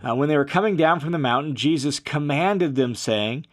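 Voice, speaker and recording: A man teaching through a Bible passage verse by verse, in a relaxed, explanatory way with casual asides. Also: a little high, moderate pace. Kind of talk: conversational verse-by-verse Bible commentary.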